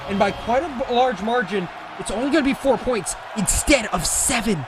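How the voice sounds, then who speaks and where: High-voiced excitable esports caster, man. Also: a crowd in the background, background noise. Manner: excitable, jokey, quick self-corrections. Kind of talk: play-by-play commentary.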